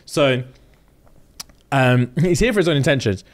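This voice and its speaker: A man's voice: mid-range voice, measured pace. A man in casual chat, retelling a reality show and acting out everyone's lines. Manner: animated storyteller acting out quotes.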